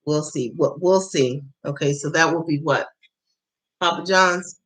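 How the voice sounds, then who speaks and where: A woman's voice: low voice, measured pace, fairly bright tone, rough recording. Woman, casual livestream chat, blunt, profane, laughs often, acts out quotes. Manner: acts out her own past lines in quoted voices. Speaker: tarot channel host.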